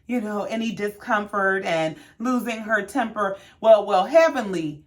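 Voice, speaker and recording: A sassy woman in her thirties hosting a casual reality-TV recap. She talks in slang-filled, animated storytelling. Her pitch swings widely as she tells it. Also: measured pace.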